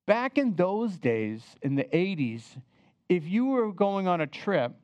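Animated older man telling a story. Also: high voice, slow, no echo. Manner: animated, chatty, asks the listeners to remember with him. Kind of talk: personal storytelling.

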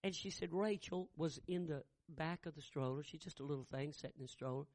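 A middle-aged man preaching a sermon, telling a family story and building to loud shouted peaks. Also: fairly high pitch, a little fast, no echo. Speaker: pastor.

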